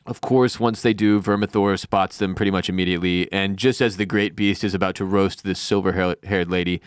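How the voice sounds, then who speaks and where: A man co-hosting a casual TV recap show, retelling scenes with lively acted-out lines. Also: low-pitched, clear, resonant tone, no room sound, clean studio sound. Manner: animated, acts out characters' lines in quick impressions. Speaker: podcast co-host.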